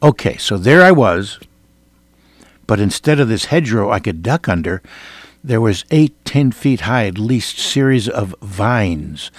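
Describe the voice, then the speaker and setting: An older man from Iowa preaching a sermon, telling a personal testimony with earnest, dramatic swings between loud and hushed delivery. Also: on the low side, dry recording. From Iowa, United States.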